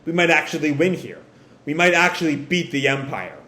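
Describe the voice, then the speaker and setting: A man's voice: fairly high pitch, sing-song, fairly quick, sharp tone, echoey room. A man voicing a brash male fleet captain who is eager to fight, read aloud from a comic. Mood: cocky.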